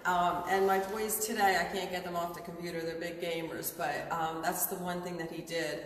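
A woman's voice: lowish voice, little pitch movement, normal speed, fairly bright tone, a little hiss or hum. A woman co-hosting a museum tour, speaking hesitantly with many fillers. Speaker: museum co-host. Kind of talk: casual tour talk. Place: large museum gallery indoors. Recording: echoey gallery, distant mic.

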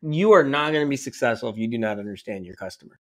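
A man hosting a business podcast in casual chat, talkative and quick to laugh. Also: medium pitch, lively intonation. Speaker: podcast host, company CEO.

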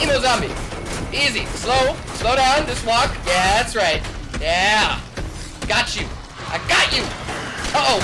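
A young man hosting a let's play, excitable and shouting trash talk at enemies. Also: very high-pitched, normal speed. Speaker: gaming channel host. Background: game music and sound effects.

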